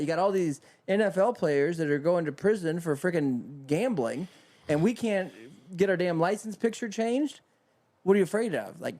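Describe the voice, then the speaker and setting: A podcast co-host with a high voice and darkish tone rants heatedly and profanely on a casual talk show. The delivery is a casual comedic rant.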